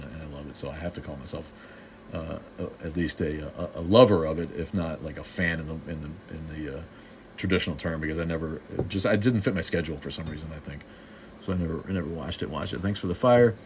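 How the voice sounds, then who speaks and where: Low-voiced, snarky man from Boston, middle-aged, hosting a loose live-stream chat. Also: slight background noise. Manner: snarky, joking, loose with many restarts. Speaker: live stream host answering viewer comments.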